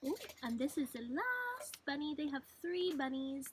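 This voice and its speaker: A woman teacher reading a picture book to young children, gentle and animated, often asking them questions. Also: high voice, normal speed, hardly any pauses, slight background noise.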